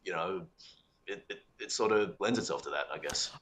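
A man's voice: sits low, normal speed, fairly bright tone. A young man from Singapore with an Australian accent, chatting casually as a podcast guest, laughing often and acting out quotes.

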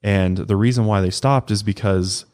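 A man's voice: lowish voice, steady tone, moderate pace, darkish tone. A man co-hosting a podcast, recounting a true-crime case in a loose, conversational way with casual swearing. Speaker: podcast co-host.

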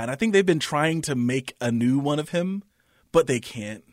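A man's voice: on the high side, brisk, no echo, studio quality. A man co-hosting a podcast in casual chat, opinionated and laughing between remarks. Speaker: podcast co-host.

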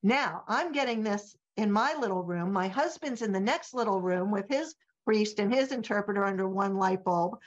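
Woman telling a lively story. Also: mid-range voice, moderate pace, few pauses. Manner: animated anecdote telling, acting out quoted voices. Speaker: author guest. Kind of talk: storytelling in a podcast interview. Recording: slightly dull lo-fi audio.

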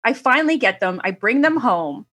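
Woman podcast host, fairly high voice, casual and rambling, lots of laughs and asides. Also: normal speed. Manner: animated, rambling storyteller with laughs. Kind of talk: casual chat.

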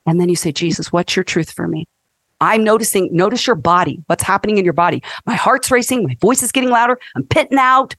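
A woman in her fifties, a counselor and guest, talking in an animated, emphatic teaching way on a faith-based podcast. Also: mid-range voice, fast, no echo, studio quality.

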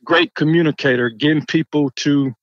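A county commissioner from Georgia answering interview questions over the phone, earnest and halting with restarts. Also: male voice, a little high, dry recording. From Georgia, United States. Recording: lo-fi phone line.

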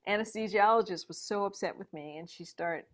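A middle-aged woman telling a personal story in conversation, animated and full of asides and fillers. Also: medium pitch, fairly quick. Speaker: guest.

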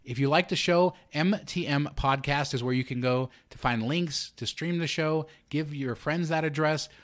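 A man's voice: on the high side, moderate pace. A man hosting a podcast, reading show announcements and chatting casually with his co-hosts. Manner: upbeat, reads show announcements. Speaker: podcast host.

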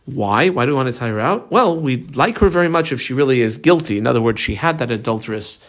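Halting man teaching Talmud. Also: mid-range voice, expressive, fairly bright tone. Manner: halting, many fillers, reads Hebrew phrases then explains. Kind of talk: Talmud lesson, reading and translating.

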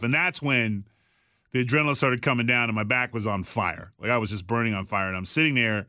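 A middle-aged man telling a story in a casual, animated way, acting out the voices of the people in it and swearing freely. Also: medium pitch, fairly quick, no echo, clean studio sound. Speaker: guest telling a backstage story.

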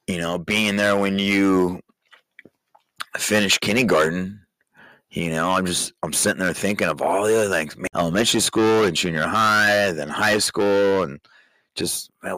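A man hosting a personal podcast, talking candidly and emotionally to his young daughter, with halting restarts. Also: low-pitched, sharp tone, no room sound, poor audio. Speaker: podcast host, father speaking to his daughter.

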